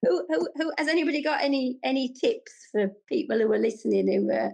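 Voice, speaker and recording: High-voiced, enthusiastic podcast host. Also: female voice, lively intonation, fast talker, creaky, a little mellow. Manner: enthusiastic, many tag questions. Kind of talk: casual chat.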